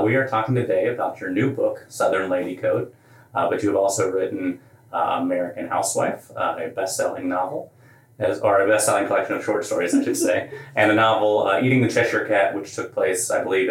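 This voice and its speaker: A man hosting an interview podcast, talking in a relaxed way with many "uh" fillers. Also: low voice, quick pace, echoey room. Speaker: podcast host. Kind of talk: interview podcast with scripted intro.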